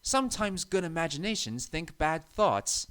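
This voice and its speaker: A man voicing a kindly, reassuring male engine with a gentle, calm manner. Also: a little high, moderate pace, clean tone, voice pushed up.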